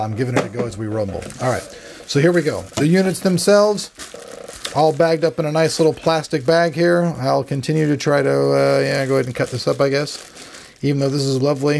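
A man's voice: medium pitch, vocal fry, darkish tone, a little hiss or hum. A man giving casual, rambling commentary as he unboxes and reviews a gaming headset, joking at his own expense. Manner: chatty, rambling, self-deprecating. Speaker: tech reviewer.

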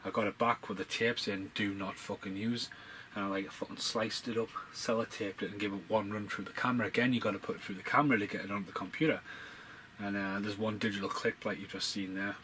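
A low-voiced man rambles through a film commentary, swearing freely and getting worked up as he goes. His talk is casual and excitable, with a faint hum of ambience under the voice. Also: fast talker, low-quality recording.

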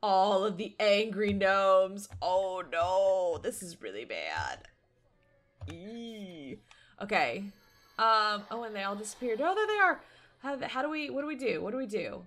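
A woman commentating a life-simulation game, chatty and excitable, talking to her viewers and to the characters on screen. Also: mid-range voice, normal speed. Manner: excitable, squeals and laughs at surprises. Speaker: gaming YouTuber. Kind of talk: let's play commentary.

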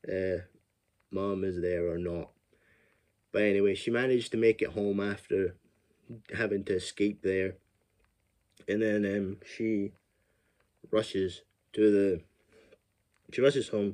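A man's voice: fairly low pitch, darkish tone. A man casually recapping a horror film plot, rambling, profane and often laughing. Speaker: film reviewer.

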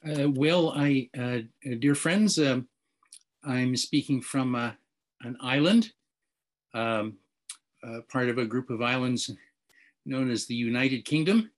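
A man with a Canadian accent speaks on a panel at an unhurried, deliberate pace. He halts often on fillers. A gently wry humor runs under his words. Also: medium pitch, low-quality recording. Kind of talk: panel discussion remarks.

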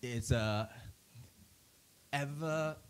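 In a clean, mid-range voice and at a very slow pace, this middle-aged pastor teaches his congregation conversationally. He animates his stories, chuckles, and often begins sentences again.

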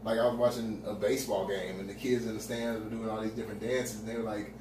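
A man's voice: fairly low pitch, flat delivery, fast talker, few pauses. A man co-hosting a casual podcast chat, joking in loose slang and often trailing off mid-sentence. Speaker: podcast co-host. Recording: echoey room, mic at a distance, background noise.

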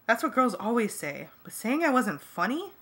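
A woman reading a fan audiobook in the first person, lively and jokey. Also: on the high side, normal speed. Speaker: audiobook reader.

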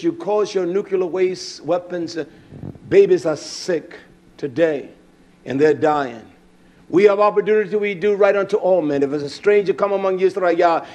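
A man preaching an impassioned sermon, swinging between low muttering and loud outbursts. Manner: acts out bickering voices in his stories. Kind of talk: fiery sermon.

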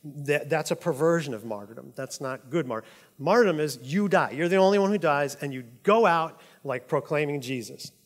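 A man preaches in a relaxed, conversational way, often laughing and checking in with his listeners. His voice sits a little high for a man. The sound carries the long reverb of a large hall. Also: fairly quick. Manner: chatty, laughs often, says "like" and "right?" a lot. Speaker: pastor. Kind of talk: casual conversational sermon.

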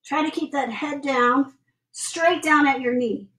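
High, bright mom counting workout reps. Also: female voice, unhurried. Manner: cheerful, encouraging instructions and steady counting. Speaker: mother leading a family workout. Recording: echoey room, voice from far off the mic.

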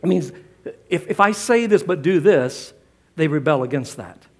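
A middle-aged man delivers a sermon from a church pulpit. His voice sits high for a man, and he is emphatic, driving points home by saying them twice. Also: animated, moderate pace. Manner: emphatic, repeats key lines. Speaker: pastor.

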